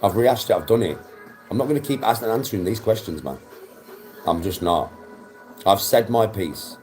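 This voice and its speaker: A man's voice: fairly low pitch, expressive, fast, a little mellow, faint music behind. A young man, chatting on a livestream, blunt and defensive, swearing often. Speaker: livestream host. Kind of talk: casual livestream chat.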